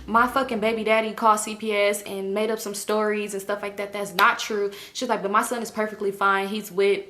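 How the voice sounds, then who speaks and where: A young woman vlogger telling a storytime, animated, acting out quoted voices and swearing freely. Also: medium pitch, fairly quick. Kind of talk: casual storytime.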